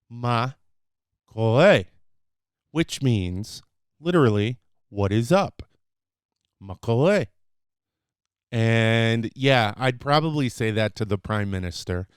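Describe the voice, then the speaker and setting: A man talks through his own podcast at an easy, unhurried pace, his voice smooth and clear. The sound is dry and close. He rambles casually with plenty of fillers, breaking now and then into sudden excited bursts. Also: medium pitch, no room sound. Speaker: podcast host. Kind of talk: casual solo podcast, teaching phrases.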